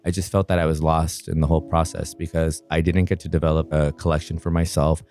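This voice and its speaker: A man earnestly recounting a personal story in an interview, reflective and quick-flowing. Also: rumbling low, level tone, a little mellow, soft background music.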